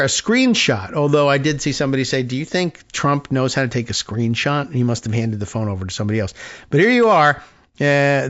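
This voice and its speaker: A man's voice: medium pitch, a bit bright, dull audio. A middle-aged man hosting a political talk show, reading news aloud with sarcastic asides and lots of fillers. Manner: wry and sarcastic, rambling with many fillers. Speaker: radio talk show host.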